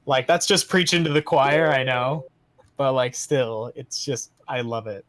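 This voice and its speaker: Relaxed man with a middle-range voice. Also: mid-range voice, measured pace, crowd noise. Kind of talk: casual chat.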